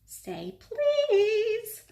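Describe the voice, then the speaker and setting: A woman's voice: very high-pitched, huge pitch swings, drawn-out words, dark tone, voice pushed up, exaggerated voice. A woman voicing a mischievous male poltergeist who taunts in a sing-song way. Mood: taunting sing-song.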